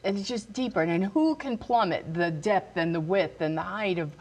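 A woman co-hosting a broadcast talk show, affirming and quick with sounds of agreement. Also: on the low side, darkish tone.

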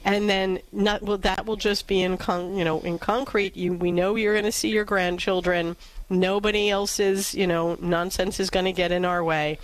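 A woman's voice: mid-range voice, steady tone, moderate pace, low-quality recording. A woman from New York City co-hosting an advice talk show, giving practical, encouraging counsel. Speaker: radio co-host, counselor.

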